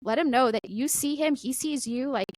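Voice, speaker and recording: A middle-aged woman talking casually about faith as a podcast guest, animated and full of "like" and "right?". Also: sits high, moderate pace, no echo, poor audio.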